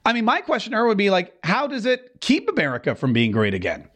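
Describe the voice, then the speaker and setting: A man's voice: sits high, huge pitch swings, moderate pace, a bit bright. A man hosting an opinionated political show, talking in a sarcastic, mocking way with many asides. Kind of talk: opinionated commentary.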